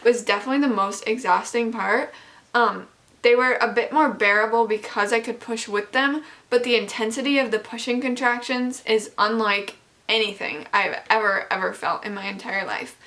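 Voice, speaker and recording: A woman's voice: a little high, moderate pace, a bit bright. A young woman vlogger telling a personal story in a casual, candid way, with lots of likes and ums.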